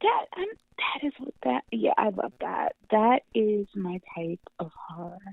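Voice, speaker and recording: A woman comic book writer chatting as an interview guest, animated and swearing freely, laughing often, heard over a tinny phone line. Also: medium pitch, measured pace, gravelly, no echo. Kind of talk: casual interview chat.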